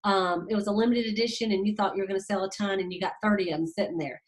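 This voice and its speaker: A woman, leading a sales team and giving a casual, fast, chatty training talk aimed straight at her listeners. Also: medium pitch, fairly even intonation. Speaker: direct sales team leader.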